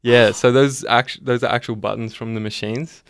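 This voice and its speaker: A man's voice: medium pitch, fairly even intonation, normal speed, no echo. A man with an Australian accent, a musician guest on a radio show, talking in a laid-back, hesitant way with many ums. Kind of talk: casual radio interview. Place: radio studio.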